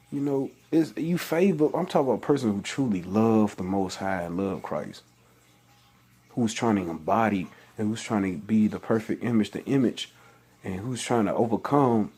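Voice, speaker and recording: A man's voice: fairly low pitch, a little mellow, breathy edge. A man reading scripture aloud and preaching about it in loose, everyday speech, with many restarts and exasperated questions. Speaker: religious vlogger. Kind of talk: informal scripture talk.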